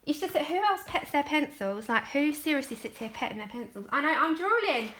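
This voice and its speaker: Gushing high-voiced woman. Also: normal speed, a little hiss or hum. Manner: gushing, excitable, laughs often and trails off. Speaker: colouring channel host. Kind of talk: casual livestream chat while unboxing. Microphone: camera set back from the desk.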